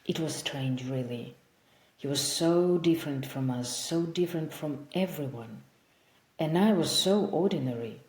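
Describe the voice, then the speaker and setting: A woman voicing a sad, gentle male vampire, centuries old, who speaks in a soft, measured, wistful way. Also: deep voice. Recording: roomy echo.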